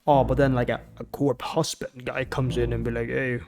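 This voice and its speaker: A man's voice: medium pitch, little pitch movement, fairly quick, a little mellow, a little hiss or hum. A man ranting in a rambling, profane and exasperated way, giving commentary as a gaming YouTuber.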